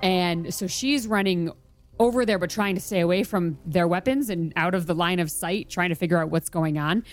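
A woman's voice: lowish voice, moderate pace. A woman playing a tabletop game, chatty, describing her character in the third person. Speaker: player. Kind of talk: casual tabletop game play.

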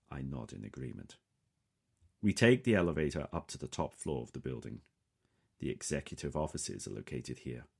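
A man reading a first-person story in a calm, measured way. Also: a bass voice, creaky. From England. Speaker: audiobook narrator. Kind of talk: scripted first-person narration.

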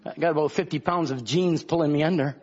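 A man's voice: on the high side, fast talker, darkish tone, husky, muffled recording. A man preaching a sermon in an impassioned, conversational way, full of rhetorical questions. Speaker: pastor.

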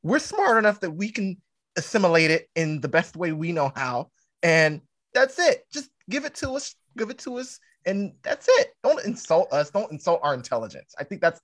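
A man's voice: high voice, big pitch swings, normal speed, fairly bright tone, dry recording. A man hosting a casual sports podcast, earnest and steering the conversation back to the topic.

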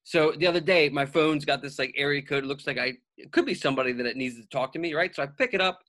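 A man's voice: on the high side, lively intonation, fast, a bit bright. A man hosting a podcast, telling stories in a loose, casual way and saying "dude" a lot. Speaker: podcast host. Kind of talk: casual chat.

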